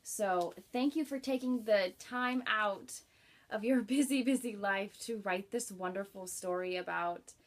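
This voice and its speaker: A woman chatting casually in a book review vlog, warm and enthusiastic, with many likes and ums. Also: mid-range voice, unhurried.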